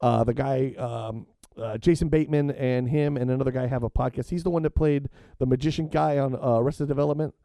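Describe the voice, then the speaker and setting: A middle-aged man co-hosting a podcast, telling stories in an animated way with lots of fillers and restarts. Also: medium pitch, a little fast, hardly any pauses, dry recording. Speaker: podcast co-host. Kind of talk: casual chat.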